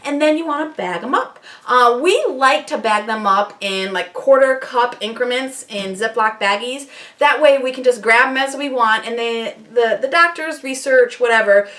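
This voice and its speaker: Upbeat, chatty woman with a higher voice doing a kitchen how-to, a little off-mic. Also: normal speed, fairly bright tone, distant mic. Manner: chatty, upbeat, self-deprecating asides. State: slightly out of breath at times. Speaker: homesteading channel host. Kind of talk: casual how-to demonstration. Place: home kitchen.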